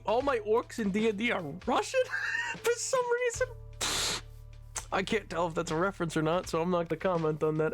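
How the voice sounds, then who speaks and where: A male streamer chats with his viewers in a high, bright voice, laughing easily and staying animated as he goes. Faint music plays underneath his talk. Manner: giggly, animated, breaks into laughter often. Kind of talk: casual live-stream chat, reading chat messages.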